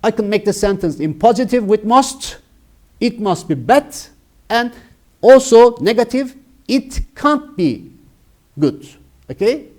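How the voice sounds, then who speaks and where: A middle-aged male teacher with a Turkish accent, high-pitched for a man. He talks slowly and emphatically, repeating key words as he walks students through a grammar lesson. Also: animated, darkish tone. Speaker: English teacher.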